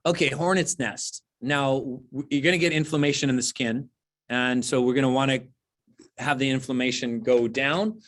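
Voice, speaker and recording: A man who teaches qigong, giving relaxed, explanatory advice on a video call and thinking aloud as he goes. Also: mid-range voice, moderate pace.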